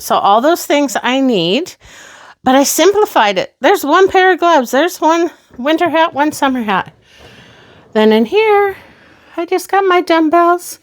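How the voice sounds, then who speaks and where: Woman in her 60s, home vlogger, chatty, upbeat, slightly higher voice, closet tour at home. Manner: chatty and upbeat, exclaiming as she shows things. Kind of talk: casual show-and-tell vlog.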